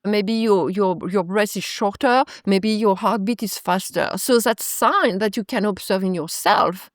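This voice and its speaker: A woman's voice: medium pitch, unhurried, no room sound. Woman yoga teacher guest in her 40s, reflective, lots of restarts, dry close sound, mid voice. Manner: reflective, retells stories with acted quotes, frequent restarts. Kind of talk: conversational interview.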